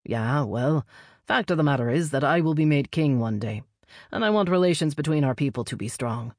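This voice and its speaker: A woman's voice: low-pitched, lively intonation, a little fast, a little mellow, no room sound, studio quality. A woman voicing a blunt, mocking young male elf prince who trades insults. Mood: plain.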